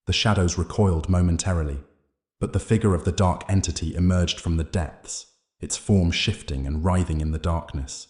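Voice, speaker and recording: A man narrates a scripted horror story in a measured, dramatic way. His voice is low and deep. The recording has a roomy echo. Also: fairly even intonation, darkish tone.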